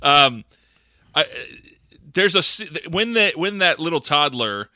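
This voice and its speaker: A man co-hosting a podcast with his brother, talking casually about a film in a halting, offhand way and swearing now and then. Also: a little high, very animated, bright, forceful tone, dry recording, clean studio sound. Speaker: podcast co-host. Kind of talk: casual movie-review chat.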